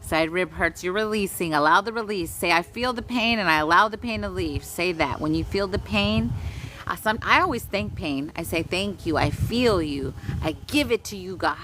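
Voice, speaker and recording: A woman's voice: lowish voice, moderate pace, fairly bright tone, a little hiss or hum. A woman leading a live-streamed energy healing session, who chants long strings of invented syllables and then talks loosely and frankly to her viewers, with some swearing. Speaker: spiritual healer.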